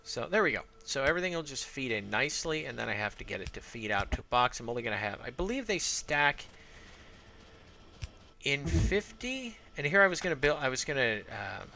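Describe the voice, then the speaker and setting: A man from Arizona talks his way through a game session in a loose, rambling commentary, thinking aloud between fillers. His voice is bright and lively, with pitch that swings freely. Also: a little fast, vocal fry, slight background noise. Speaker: gameplay commentator. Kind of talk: casual let's-play commentary.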